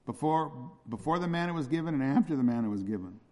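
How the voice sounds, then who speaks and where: A man's voice: mid-range voice, expressive, fast talker, a little mellow. A man preaching an expository sermon as pastor, emphatic and repetitive, often checking with his listeners through rhetorical questions. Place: church hall. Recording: long hall reverb.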